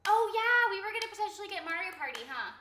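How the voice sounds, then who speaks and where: A woman's voice: very high-pitched, sing-song, quick pace, sharp tone, reverberant, a little hiss or hum. A woman and voice actor chatting on a casual game stream, giggling often and reading viewer comments aloud. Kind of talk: casual live-stream chat.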